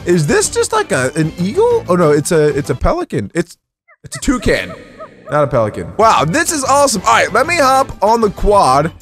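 Young male gaming host, high bright voice, jumpy and animated, quick shouts and asides, light music underneath. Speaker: gaming YouTuber. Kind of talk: excitable let's-play commentary.

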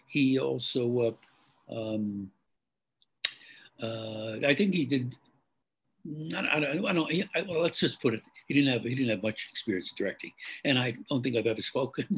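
An older man recalls his career at an unhurried pace. His voice is husky and a little breathy, and he often stops, restarts and clears his throat. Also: mid-range voice, poor audio. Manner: halting, many fillers and restarts, clears throat. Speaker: actor guest. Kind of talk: interview storytelling.

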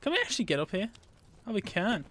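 Excitable British man commentating gameplay, lively higher voice, game gunfire loud behind. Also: fast talker, very noisy. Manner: excitable, banter-filled, talks to himself. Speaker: gaming channel host.

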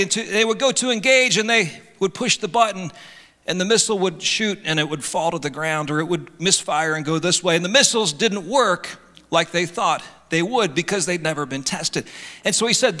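Casting: middle-aged male pastor, high lively voice, bright ringing tone, preaching in a reverberant sanctuary. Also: fairly quick. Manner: animated preaching, voices imagined complaints. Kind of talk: sermon. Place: church sanctuary.

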